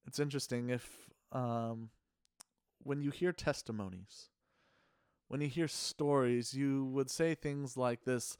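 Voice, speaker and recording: A middle-aged man preaching a sermon in an earnest, measured way, asking the congregation rhetorical questions. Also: medium pitch, smooth, no echo, clean studio sound. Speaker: pastor.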